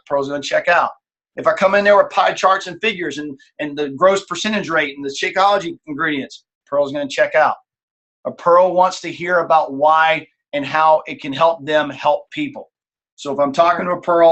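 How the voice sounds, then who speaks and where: A man's voice: on the high side, a bit bright. A man leading a casual team coaching call, who talks animatedly and acts out examples in different tones of voice.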